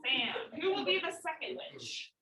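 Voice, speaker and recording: A woman's voice: very high voice, expressive, a little slow, bright, forceful tone, a little hiss or hum. A young woman teacher giving a casual, chatty class lecture, full of fillers and easy laughs. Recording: echoey classroom, far from mic.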